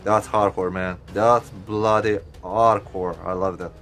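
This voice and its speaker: Excitable swearing young man gaming. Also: unhurried, soft background music. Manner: excitable, swears a lot, stutters and restarts; loud outbursts and sudden high yelps. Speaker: gameplay commentator. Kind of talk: casual gameplay commentary.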